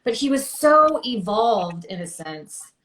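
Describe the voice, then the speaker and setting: A woman's voice: fairly high pitch, very animated, slow pace, fairly bright tone, reverberant. A woman in her thirties telling her personal story as an interview guest, chatty with many fillers and acting out quotes.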